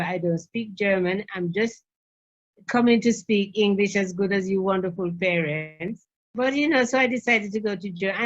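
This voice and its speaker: An older woman, a parenting trainer, telling lively stories from her work on a talk show. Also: a little high, muffled recording. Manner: lively anecdotal telling with acted quotes. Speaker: parenting trainer and guest speaker.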